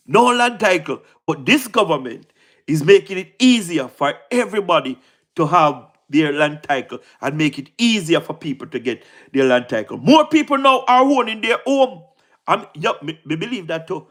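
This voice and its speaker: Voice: medium pitch, animated, normal speed, a bit bright. A speaker with a Jamaican accent delivering a casual political monologue, fervent and repetitive, mixing patois with standard English and checking in with the listener again and again. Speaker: political commentator.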